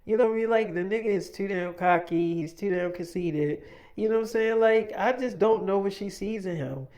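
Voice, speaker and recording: A man's voice: sits high, brisk, a little mellow, natural voice. Man voicing a blunt, cussing young woman. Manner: frank, profane, dismissive. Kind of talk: storytime narration.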